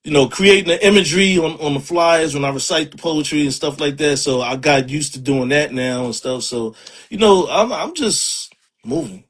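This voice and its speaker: Husky streetwise New York man. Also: fairly high pitch, moderate pace. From Harlem, New York. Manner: streetwise slang, animated, laughs often. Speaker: poet. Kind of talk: casual interview.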